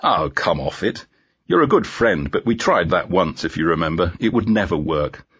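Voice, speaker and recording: A man's voice: sits low, sing-song, moderate pace, a bit bright, slightly rough, highs cut off, exaggerated voice. A man voicing a dry, teasing woman police inspector in a storybook reading. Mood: wry.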